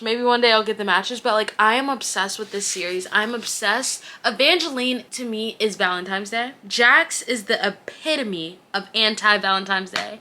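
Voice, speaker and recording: A young woman chatting casually in a book recommendation vlog, gushing and excitable, full of "like" and restarts. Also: medium pitch, normal speed, hardly any pauses. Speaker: book vlogger.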